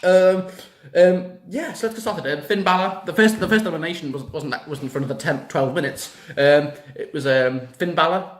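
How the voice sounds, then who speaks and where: Young male vlogger, slightly high voice, excitable and foul-mouthed, recorded in a roomy echo. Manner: excitable, swears a lot, rants. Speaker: wrestling reaction vlogger. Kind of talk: casual reaction vlog. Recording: echoey room.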